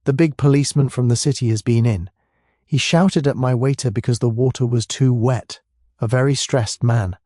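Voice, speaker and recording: A man voicing a polite, measured curry house owner who confides what he saw. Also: medium pitch, mellow, dry recording, clean studio sound, natural voice. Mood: wry. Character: calm middle-aged man running a curry house kitchen.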